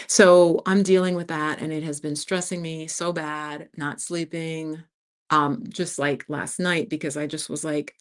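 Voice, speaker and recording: A woman's voice: low-pitched, steady tone, normal speed. A woman in her fifties with a New York accent, hosting a casual livestream and talking frankly to her viewers as "you guys.". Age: 50s. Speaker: channel host.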